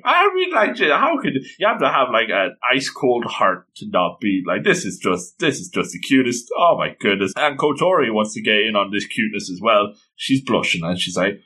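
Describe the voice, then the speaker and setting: A man casually reading through a manga chapter, gushing over it and doing quick voices for the characters. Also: medium pitch, very animated, pushed and bright. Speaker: manga reader and reviewer. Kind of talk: casual read-through commentary.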